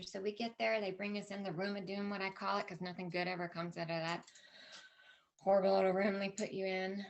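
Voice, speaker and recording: This middle-aged woman talks fast, with a gravelly, medium-pitched voice and a flat delivery. She's telling a conference audience a candid, emotional personal story packed with quoted lines.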